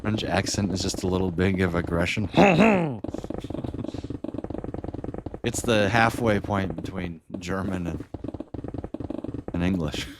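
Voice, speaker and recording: Slow, low-voiced man streaming. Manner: rambling, chuckling between thoughts. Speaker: livestreamer. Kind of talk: casual livestream chat. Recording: steady background noise.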